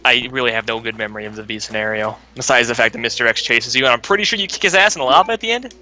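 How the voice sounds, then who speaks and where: A man's voice: medium pitch, rapid-fire, pushed and bright, slight background noise, poor audio. A young man streaming a video game with a friend, chatting and joking. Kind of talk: let's play banter.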